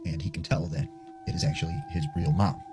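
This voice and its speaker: A man's voice: low voice, steady tone, brisk, noisy background. A man casually telling a spooky story, chatty and loose, full of filler words. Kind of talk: casual spoken ghost story. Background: music.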